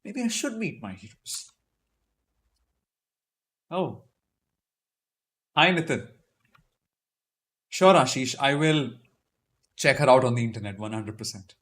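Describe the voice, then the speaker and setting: A man's voice: mid-range voice, expressive, slow, pauses often. Chatty man hosting a live Q&A. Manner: chatty, reads out viewer comments and answers them; self-deprecating humor. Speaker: YouTube live stream host. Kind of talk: casual live Q&A chat.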